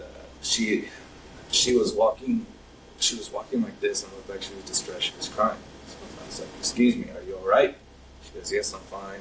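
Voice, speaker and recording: A young man recounting events in an interview, hesitant and rambling with many fillers. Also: low voice. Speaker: interview subject. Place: interrogation room. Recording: distant mic, faint noise.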